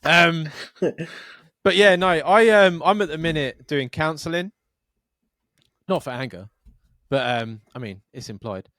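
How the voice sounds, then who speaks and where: A man's voice: a little high, unhurried, a bit bright, no room sound, clean studio sound. A man co-hosting a podcast in casual chat, swearing often and acting out voices in his rambling stories. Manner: sweary, rambling storytelling with acted-out quotes. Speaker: podcast co-host.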